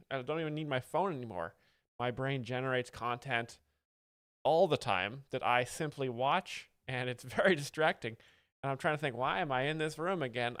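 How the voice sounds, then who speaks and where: Deadpan man over-explaining jokes. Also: mid-range voice, smooth, no echo. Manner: mock-earnest, dry, over-explains jokes. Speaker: joke explainer host. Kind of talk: deadpan comedic commentary.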